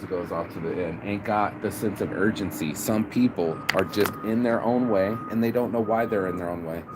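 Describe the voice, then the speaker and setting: A man giving a casual, profane motivational rant outdoors by a busy road, preachy and calling the listener bro. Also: on the low side. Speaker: motivational vlogger. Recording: loud traffic noise behind.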